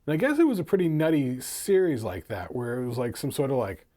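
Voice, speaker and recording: A man's voice: medium pitch, big pitch swings, fast, dark tone. Curious man asking follow-up questions. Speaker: podcast co-host. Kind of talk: casual chat.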